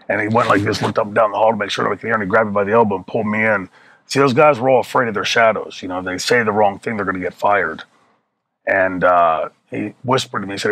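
A man in his fifties with a fairly low voice tells his story with swearing and plays out each person in it. The close, dry mic catches every word. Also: quick pace, no echo, poor audio. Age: 50s. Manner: profane, animated storytelling that acts out the people in his stories. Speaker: interview guest. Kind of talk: shoot interview storytelling.

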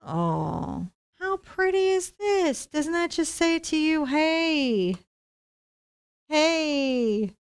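A woman's voice: very high-pitched, very animated, takes it slowly, creaky. A woman hosting a live acrylic painting tutorial, explaining each step in a chatty, encouraging way. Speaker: painting instructor and live-stream host.

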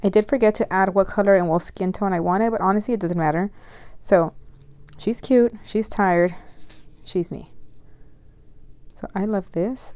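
A young adult woman vlogger chatting casually as she unboxes mail, gushing and excitable with frequent gasps. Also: medium pitch, normal speed, gravelly, dry recording.

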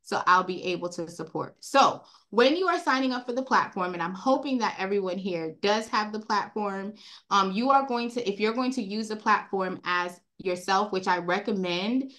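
A woman with a Caribbean accent, raised in Brooklyn, hosting an online training session over a video call in a chatty, animated way and calling her audience y'all. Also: medium pitch, moderate pace. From Caribbean, grew up in Brooklyn. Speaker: credit repair trainer hosting a group call.

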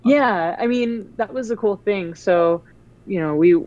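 A woman guest in a casual chat, telling stories in a rambling, animated way. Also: mid-range voice, unhurried, dry recording, highs cut off.

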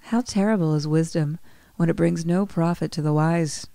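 A woman voicing a smug, unhurried male devil who speaks with cool menace. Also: low voice, gravelly, dark tone, no room sound.

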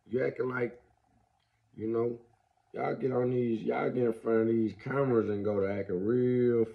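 A man's voice: fairly low pitch, creaky, muffled recording. A young adult man hosting a casual podcast while caring for his baby, talking in slang and playfully scolding the baby. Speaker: podcast host.

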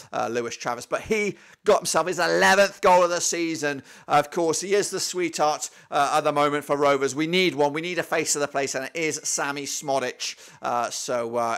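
Upbeat football fan with a higher voice. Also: male voice, fairly bright tone. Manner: enthusiastic, with frequent fillers and repeated "of course"; restarts and stumbles on words. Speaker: football fan channel host. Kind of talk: post-match reaction commentary.

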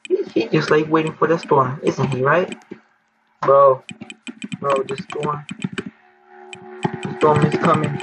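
A teenage boy giving casual, excitable gameplay commentary, often panicking and pleading. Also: on the high side, normal speed, long pauses, music in the background, low-quality recording. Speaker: gaming YouTuber.

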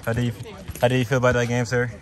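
A man playfully interviewing players at an outdoor court, repeating his questions loudly and in mock-formal style. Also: mid-range voice, monotone, racing, crowd noise. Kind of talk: loud playful hype.

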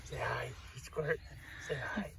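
Someone off to the side outdoors, softly coaxing a dog to come and say hi. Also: mid-range voice, takes it slowly, creaky, husky, far from the mic. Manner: soft coaxing calls to a dog. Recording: noisy outdoor recording.

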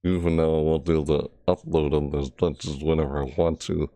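A man's voice: a bass voice, little pitch movement, a little fast, warm tone, no echo. A man giving live horror game commentary through a VR headset, jumpy and frustrated, often breaking into panicked yelps and shrieks. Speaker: gameplay commentator.

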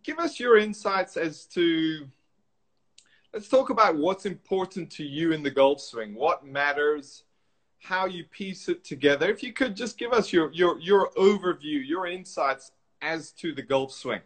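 A man's voice: on the high side, expressive, measured pace. A man hosting a live online interview with a golf pro, reacting briefly and asking questions to draw out his guest. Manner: encouraging interviewer, short laughing reactions. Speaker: host and golf coach. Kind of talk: interview host. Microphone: video call.

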